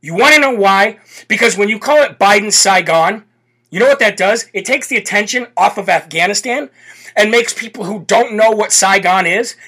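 A brash male talk host rants with fired-up repetition. His voice sits high and sounds bright and sharp, with a husky, slightly raspy grain. He drives each point home again and again. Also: moderate pace. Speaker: political talk show host. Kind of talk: fired-up political commentary.

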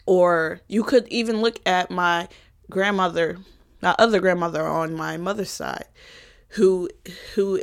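A woman's voice: fairly low pitch, gravelly. Frank young woman venting on camera. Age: 20s. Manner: frank and emotional, casual with profanity. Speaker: college student vlogger. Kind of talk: candid personal vlog talk.

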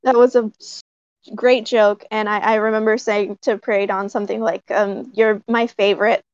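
Woman, puppeteer, casual storytelling, excited, laughs often, lots of fillers, dry slightly muffled recording. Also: medium pitch, normal speed, clean tone, no echo.

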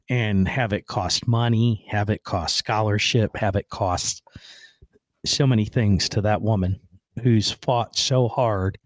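In a lowish male voice, a podcast host delivers a meandering, outspoken monologue, dropping swear words and then saying sorry, with "right?" and "man" coming up often. The audio is studio quality with no echo.

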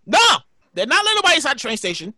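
High, rapid-fire woman storyteller. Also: no echo, studio quality. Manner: animated, profane, repeats herself. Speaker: podcast host. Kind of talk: casual storytelling.

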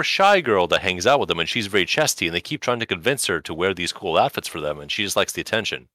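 A man with a low voice and a bright, crisp edge talks animatedly, swinging his pitch widely as he makes wry recommendations. He is co-hosting a casual chat podcast, and the sound is dry and close. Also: sing-song, fast talker, few pauses, no room sound. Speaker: podcast co-host.

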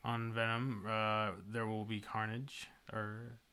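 A man's voice: fairly low pitch, completely flat delivery, takes it slowly, bright, forceful tone, clean tone. A man co-hosting a casual podcast, agreeable and hesitant, with many fillers. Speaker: podcast co-host. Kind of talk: casual chat.

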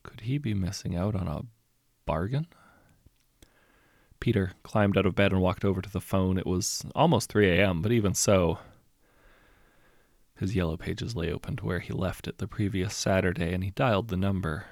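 A man reading a short story aloud as narrator, in a measured, understated storytelling manner. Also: deep voice, vocal fry, a little mellow, no echo, clean studio sound. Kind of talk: scripted audiobook narration.

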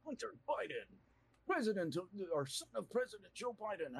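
A young man co-hosting a casual chat while gaming in his bedroom, crude and excitable, swearing a lot, on a boom mic. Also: moderate pace, vocal fry, slightly rough, dry recording, poor audio. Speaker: podcast co-host and gamer. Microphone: boom mic above his shoulder.

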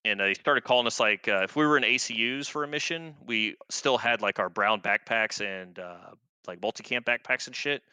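Guy in his 30s telling war stories, low-ish voice but bright and forceful, swears constantly, super loose. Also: moderate pace, clear, resonant tone, dry recording. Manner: laid-back, profane, rambling with many fillers. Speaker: guest, army veteran. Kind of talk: casual war storytelling.

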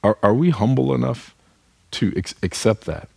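Husky-voiced man preaching a sermon. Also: mid-range voice, moderate pace, a little mellow, dry recording. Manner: earnest, asks the listeners direct questions; speaks to the congregation as "y'all". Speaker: pastor.

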